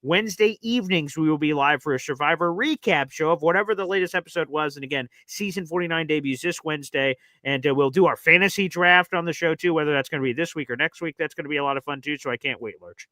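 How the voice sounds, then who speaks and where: A man's voice: on the high side, fast talker, hardly any pauses, bright, forceful tone, dry recording. A man co-hosting a live sports talk stream, upbeat and promotional, with plenty of fillers. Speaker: co-host of a sports talk show. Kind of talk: casual live-stream chat.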